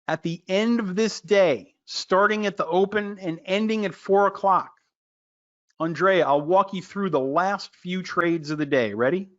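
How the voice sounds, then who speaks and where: An excitable man with a fairly high voice runs a trading lesson. He gets loud, jokes around and calls on his listeners by name. The recording sounds dull and lo-fi. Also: measured pace. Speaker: trading educator. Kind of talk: animated screen-share trading lesson.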